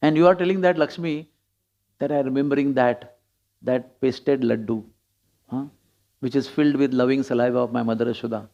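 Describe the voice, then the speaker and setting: Animated preacher. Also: male voice, mid-range voice, fairly quick, creaky, pauses often. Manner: storytelling, chuckling, acts out quotes. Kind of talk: scripture class sermon. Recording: dull lo-fi recording.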